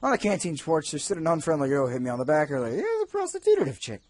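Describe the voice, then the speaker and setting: A man's voice: on the high side, expressive, rapid-fire, dry recording. A man reviewing a video game, reading its text aloud and breaking off into sarcastic, jokey asides. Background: faint game music.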